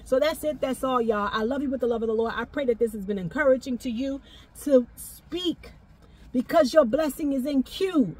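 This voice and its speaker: A woman giving a fervent prophetic exhortation, repeating phrases and breaking into shouts of praise. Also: high voice, moderate pace, slightly rough. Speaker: prophetic minister.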